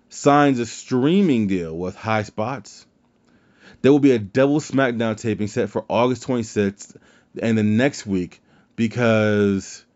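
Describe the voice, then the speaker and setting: A man's voice: fairly low pitch, darkish tone. A man hosting a wrestling podcast in casual chat, rambling and swearing freely. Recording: dull lo-fi sound.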